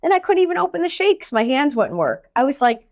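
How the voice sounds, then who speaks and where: In a podcast interview, a woman mental skills coach tells stories in an energetic, blunt way with casual swearing. Her voice is high and fast.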